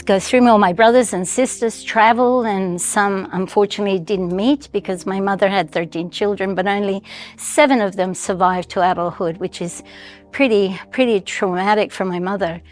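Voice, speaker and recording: A woman's voice: medium pitch, soft background music. A woman in her sixties from Colombia, with a Colombian Spanish accent touched by a slight American twang, telling her life story in a reflective, heartfelt way. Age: 60s. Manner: reflective, heartfelt, with thoughtful pauses and restarts. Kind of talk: personal storytelling.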